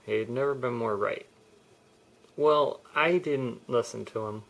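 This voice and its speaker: A man's voice: medium pitch, takes it slowly, gravelly. A young man telling a personal story in a candid, rambling vlog, often restarting his sentences. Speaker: vlogger.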